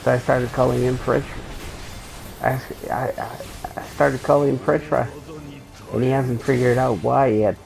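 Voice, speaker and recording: A man's voice: mid-range voice, fairly even intonation, a little slow, vocal fry, pauses often, darkish tone, soft background music, poor audio. A man streaming a game and telling rambling, joking anecdotes in a loose, profane, casual way. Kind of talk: casual storytelling while gaming.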